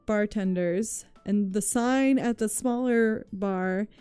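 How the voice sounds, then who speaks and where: A woman's voice: mid-range voice, takes it slowly, dark tone, smooth, no echo, soft background music. A woman streamer chatting casually with her viewers, telling rambling stories full of "like", swearing and frequent laughter.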